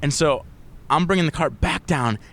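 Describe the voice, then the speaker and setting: A man co-hosting a podcast, telling a story in a casual, animated way, laughing and swearing freely. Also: on the high side, moderate pace. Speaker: podcast co-host.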